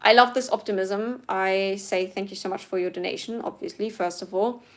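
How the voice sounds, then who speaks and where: A woman's voice: medium pitch, fairly even intonation, normal speed. Chatty young woman livestreaming. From Germany. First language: German. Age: 20s. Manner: chatty and earnest, many fillers and restarts. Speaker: livestream host. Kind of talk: live Q&A reading viewer comments.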